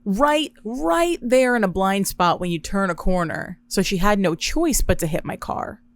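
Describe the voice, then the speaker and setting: Gravelly, wry woman podcaster. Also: mid-range voice, unhurried, no echo. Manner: wry, profane, deadpan asides. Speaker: podcast host. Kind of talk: casual solo storytelling.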